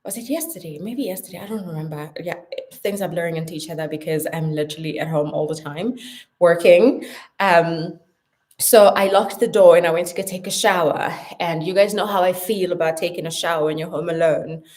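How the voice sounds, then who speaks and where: A young woman with a South African accent chatting casually to camera at home in an animated, playful way. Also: on the low side, fairly quick. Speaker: vlogger. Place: her home.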